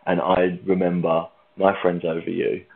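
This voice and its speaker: A man's voice: deep voice, monotone, normal speed, creaky, slightly rough. A man from Britain hosting a casual music chat, an easygoing interviewer who chuckles often. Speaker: podcast host. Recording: tinny phone-like line.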